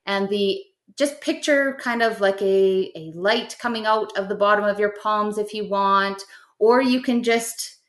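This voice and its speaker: A middle-aged woman talks a listener through a simple practice in a gentle, step-by-step way. Her voice sits at a middle pitch for a woman. The room gives her voice a noticeable echo. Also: a little slow. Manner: gentle, instructive, step-by-step guidance. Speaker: guest teaching spiritual practice. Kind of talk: explanatory podcast chat. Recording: roomy echo.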